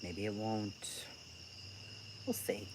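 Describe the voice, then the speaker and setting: A woman's voice: a bass voice, flat delivery, drawn-out words, background noise. A woman chatting casually on a live stream. She is blunt and profane, swears freely, and tells a sarcastic story about an argument.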